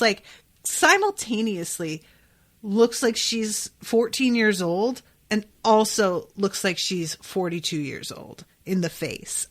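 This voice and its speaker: Woman podcast host, casual and excitable, loose and sweary reaction commentary. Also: mid-range voice. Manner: chatty, excitable, swears freely, many fillers.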